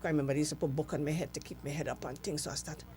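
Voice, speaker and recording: A middle-aged woman with a Trinidadian accent, a guest in an interview, telling her story with lively acted-out dialogue. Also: low voice, rapid-fire, slight background noise. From Trinidad and Tobago.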